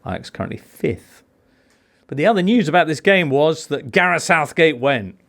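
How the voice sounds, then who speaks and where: A man's voice: fairly high pitch, big pitch swings, moderate pace, fairly bright tone. A man hosting a football podcast, leading segments in a jokey, casual way. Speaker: podcast host. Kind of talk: casual chat.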